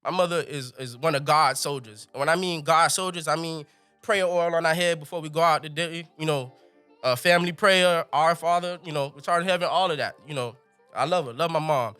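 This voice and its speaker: Animated, high-voiced young man telling a story. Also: fairly quick, smooth, faint music behind. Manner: animated, laughing, colorful slang. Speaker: podcast guest. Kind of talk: comic storytelling.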